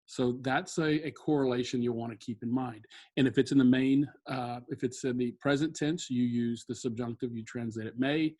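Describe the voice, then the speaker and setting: A man teaching Latin grammar in a recorded screen-share lesson, explaining in a relaxed way with fillers and self-corrections. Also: medium pitch, normal speed.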